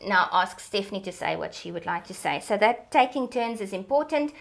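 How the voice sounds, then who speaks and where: A woman, an early childhood development expert, explaining in an animated teacherly way during an interview. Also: medium pitch, a little fast, vocal fry.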